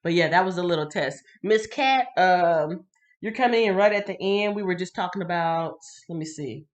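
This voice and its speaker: A woman's voice: lowish voice, moderate pace. Chatty woman hosting a Bible stream. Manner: chatty, lively, laughs often, greets viewers by name. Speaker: Bible reading livestream host. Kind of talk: casual livestream Bible reading and chat.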